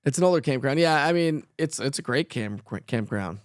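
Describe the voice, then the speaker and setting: A middle-aged weather show host runs a live stream, reading viewers' chat comments aloud and answering them with lots of fillers and laughs. His mid-range voice has lively intonation and a moderate pace, captured in studio quality with no echo.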